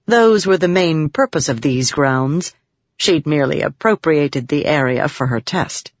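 A woman narrates an audiobook with expressive storytelling. Her low voice rises and falls freely. The recording is dry with a slightly dull tone. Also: measured pace, no room sound. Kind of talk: scripted narration.

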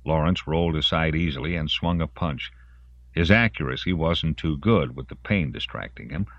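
A man narrating a story in an expressive storytelling voice. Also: extremely low pitch, moderate pace, no echo, lo-fi sound. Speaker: audiobook narrator. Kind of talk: scripted narration.

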